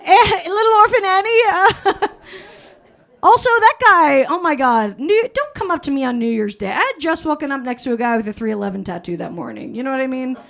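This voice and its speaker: Female stand-up comic, high voice, chatty delivery with laughs on a stage mic. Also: creaky. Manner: chatty, laughs through her jokes. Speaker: stand-up comedian. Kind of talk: stand-up comedy set. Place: comedy stage before a live audience.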